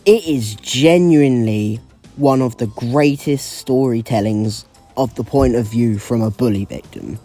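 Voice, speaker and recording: A man speaking as a guest on a video commentary, sincere and measured. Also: mid-range voice, mellow, soft background music.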